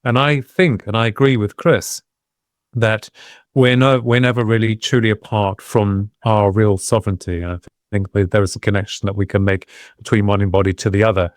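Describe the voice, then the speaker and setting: A man, a guest on a talk podcast, telling a personal story in a reflective, meandering way with pauses and restarts. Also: lowish voice, fairly even intonation, no echo, clean studio sound. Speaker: guest, medium and UFO researcher. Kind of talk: casual podcast interview storytelling.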